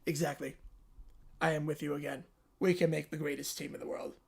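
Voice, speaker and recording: A man impersonating a boastful older male politician with slow, repetitive bragging and drawn-out superlatives. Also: on the high side, level tone, creaky, breathy edge, pitched below the performer's own voice. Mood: sympathetic.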